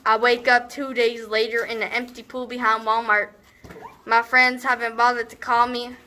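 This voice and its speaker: A woman's voice: on the high side, little pitch movement, normal speed, pushed and bright, slight background noise. A young woman performing a comedic monologue as a brash, scornful teenage girl, rambling with sarcastic asides. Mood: exasperated. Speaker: student actor.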